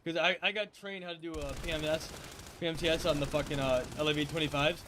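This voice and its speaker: A man with a high voice vents in a heated, swear-filled rant during a gaming session. Faint game gunfire and clicks sit under his voice. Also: steady tone, fast, background noise. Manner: profane, heated ranting. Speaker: gaming buddy, ex-military. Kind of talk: casual gaming chat.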